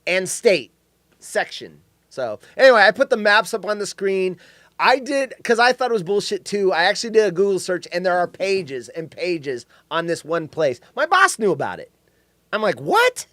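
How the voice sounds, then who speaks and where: A man co-hosts a casual podcast and tells his stories with lively energy, reading viewer comments aloud as he goes. His voice sits high for a man. The sound is dry and close to the microphone. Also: normal speed, dry recording. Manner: animated storyteller, reads chat aloud. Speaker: podcast co-host. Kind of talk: casual live-stream chat.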